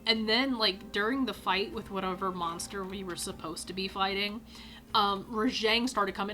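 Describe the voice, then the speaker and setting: Bright-voiced woman telling a gaming story. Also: mid-range voice, normal speed. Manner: animated, swears freely, acts out quotes with loud cries. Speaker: gaming video host. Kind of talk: casual anecdote storytelling.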